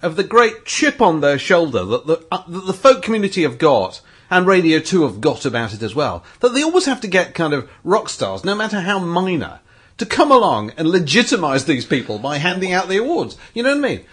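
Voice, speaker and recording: A man's voice: on the high side, very animated, a little fast, a bit bright, slightly rough. A man co-hosting a podcast, earnestly arguing a point in casual chat. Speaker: podcast co-host.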